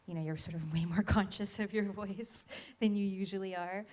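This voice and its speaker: A woman's voice: mid-range voice, fairly even intonation, darkish tone. A young woman actor on a panel who talks in a chatty, giggly way. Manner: chatty and giggly, quick to laugh. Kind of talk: casual panel Q&A answers.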